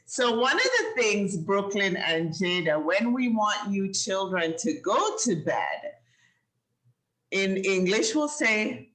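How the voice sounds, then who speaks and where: A woman's voice: medium pitch, very animated, slow pace, fairly bright tone. A woman with a Jamaican accent hosting a children's show over a video call, encouraging and teacherly, laughing often. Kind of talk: lively chat with kids on a video call.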